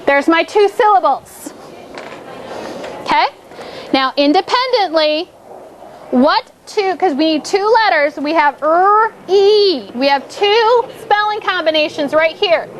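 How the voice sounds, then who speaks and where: A woman's voice: extremely high pitch, expressive, unhurried, pauses often, slight background noise. A woman teaching a fourth grade phonics lesson in a classroom, drawing out her prompts and repeating cues as the class thinks.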